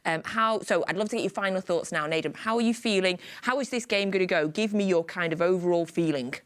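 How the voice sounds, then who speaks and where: A woman's voice: on the low side, fast. Playful woman hosting a football show. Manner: playful, laughs often, hammy line readings. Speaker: host. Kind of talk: light pre-match chat and quiz.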